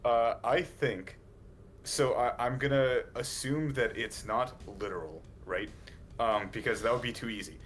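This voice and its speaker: A man speaking as a guest on a stream in relaxed casual chat, full of fillers like "like" and "um". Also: mid-range voice, unhurried, slight background noise. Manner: relaxed, filler-heavy, laughs easily.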